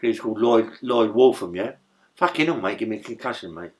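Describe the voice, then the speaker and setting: A man's voice: fairly low pitch, lively intonation, quick pace. Rambling, profane older man. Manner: rambling, profane, tag questions like "yeah?". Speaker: interview guest. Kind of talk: storytelling in a casual interview.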